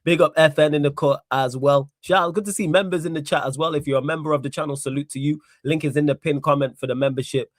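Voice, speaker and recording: A man hosting a live football talk stream, energetic and full of street-slang shout-outs to his viewers. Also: on the high side, quick pace, few pauses, no room sound, clean studio sound. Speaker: host.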